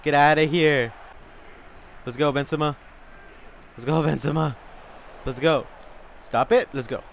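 A man commenting on a video game he is playing. He talks in an excitable way, yells a lot and swears often. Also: on the high side, measured pace, creaky, long pauses, a little hiss or hum. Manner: excitable, yelling and cursing a lot. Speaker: gaming channel host.

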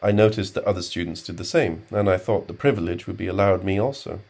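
A pompous young male graduate student, as a male reader puts him on, stiffly polite and quick to take offense. The voice sits noticeably higher than the reader's very deep natural tone and grows louder and more insistent. It is read from a storybook. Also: animated.

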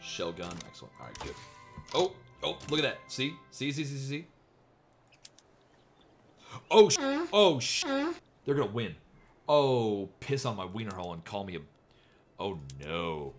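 A man giving casual gameplay commentary, excitable and jokey, with sudden swearing outbursts. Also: fairly low pitch, a little slow, pauses often, soft background music. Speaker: gameplay streamer.

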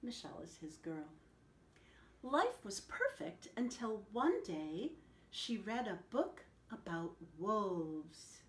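A woman telling a picture-book story to children, animated and asking them questions along the way. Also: mid-range voice, slow. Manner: animated, asks the listeners questions. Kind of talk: picture-book read-aloud. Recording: echoey room.

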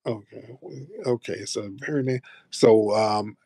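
A man's voice: on the low side, fairly even intonation, takes it slowly, dark tone, no room sound, studio quality. An American man hosting a live audio chat, brash and profane, bantering with callers. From United States. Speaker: host of a live audio space.

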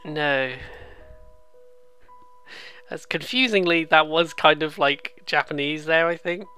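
A bright, forceful voice at a middle pitch, chatting casually over a game. The host laughs often and mocks themselves in quick asides. Faint game music sits underneath. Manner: giggly, self-deprecating, quick asides. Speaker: let's play host.

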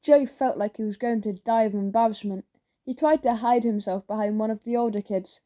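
A woman narrates a children's audiobook in a lively storytelling manner. Her voice is mellow and warm, and sits a little high. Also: brisk, dull audio.

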